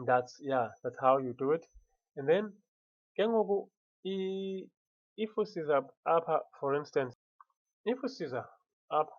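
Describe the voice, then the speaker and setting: A man with a Xhosa accent walking through a software tutorial, switching between Xhosa and English and stopping to restart words often. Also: medium pitch, no echo, dull audio. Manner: mixes Xhosa and English, halting with many restarts. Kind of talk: screen-recorded software tutorial.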